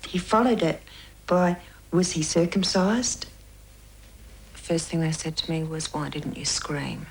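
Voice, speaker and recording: Slow, gravelly-voiced woman. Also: low-pitched, fairly even intonation, poor audio. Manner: measured, quietly recounting, often dropping to a near whisper. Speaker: interviewee recounting police questioning. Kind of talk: documentary interview testimony.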